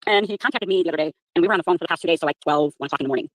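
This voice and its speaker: A woman's voice: fairly low pitch, very fast, no room sound. A middle-aged woman in casual chat, talking in a chatty, candid, emphatic way. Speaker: chat participant.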